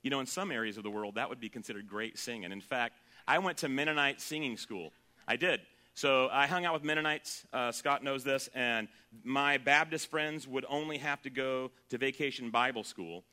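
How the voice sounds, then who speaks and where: A man's voice: mid-range voice, normal speed. A man preaching a sermon, joking and singing snatches of a song, then turning earnest. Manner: humorous, jokes and sings off-key snippets; shifts between loud and quiet, earnest. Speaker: pastor.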